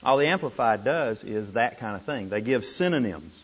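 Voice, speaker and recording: Husky man teaching a Bible workshop. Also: mid-range voice, normal speed. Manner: animated, repeats and punches words. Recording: dull lo-fi room recording.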